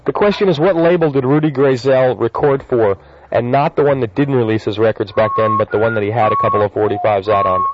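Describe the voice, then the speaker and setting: A male radio DJ chats loosely with a caller, tripping over his words now and then. His voice sits at an ordinary pitch. The broadcast sound is a little dull and lo-fi. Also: fast. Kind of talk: casual radio banter. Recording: slightly lo-fi radio audio.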